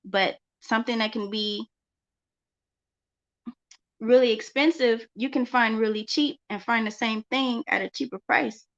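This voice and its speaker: A woman with a gravelly, fry-edged voice talks casually as a homeschooling mother on her vlog. She circles back to her phrases to drive them home. The sound is dull and lo-fi. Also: on the high side, measured pace, long pauses, fairly bright tone. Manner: conversational, repeats phrases for emphasis. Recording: dull lo-fi recording.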